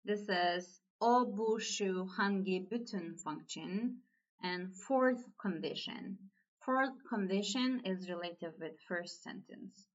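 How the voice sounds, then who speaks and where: A Turkish-accented woman, a native Turkish speaker, leads a language lesson at a very slow, deliberate pace. She walks through each point patiently, with non-native English phrasing. The audio sounds slightly dull and muffled. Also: mid-range voice. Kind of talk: slow explanatory online lesson.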